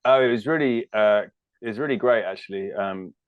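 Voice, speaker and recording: British comedian guest in his thirties, low voice, rambling self-deprecating banter, dry dull recording. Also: brisk, dry recording. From United Kingdom. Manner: chatty and self-deprecating, many fillers and restarts. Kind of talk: casual interview chat.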